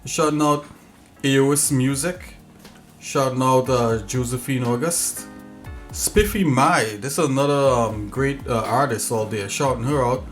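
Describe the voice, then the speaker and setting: A man's voice: medium pitch, measured pace, faint music behind. A man hosting a casual livestream as a game developer, talking in an easygoing, rambling way with lots of fillers.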